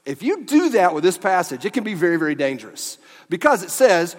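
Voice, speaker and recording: Preaching man with high-ish voice. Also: brisk. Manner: animated preaching, dropping to quiet emphasis. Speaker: pastor. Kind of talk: sermon. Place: church. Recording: long church hall reverb.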